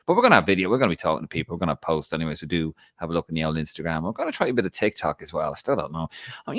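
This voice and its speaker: An Irish man with a deep, low voice runs a live show chat, cheeky and full of banter. The sound is close and dry, with no room around it. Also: fairly bright tone, no echo. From Ireland. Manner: chatty, cheeky, jokey banter. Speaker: podcast co-host.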